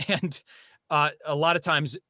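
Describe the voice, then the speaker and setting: A man in his forties, a voice actor guest chatting casually on a podcast, animated and laughing often. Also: fairly high pitch, slow pace, no echo, clean studio sound.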